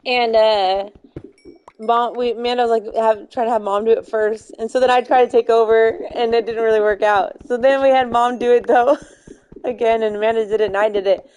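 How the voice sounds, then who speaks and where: A woman's voice: fairly high pitch, fairly even intonation, a little fast, a little mellow, clean tone. Chatty young woman gaming stream. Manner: chatty, giggly storytelling with many fillers. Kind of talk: casual chat while gaming.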